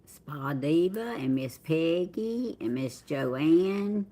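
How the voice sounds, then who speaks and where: A woman's voice: low voice, lively intonation, extremely slow, warm tone. A middle-aged woman with a Southern American accent, casually chatting to viewers on a livestream and reading out their names in a drawl. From Southern United States. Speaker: livestream host. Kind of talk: casual live chat greeting viewers.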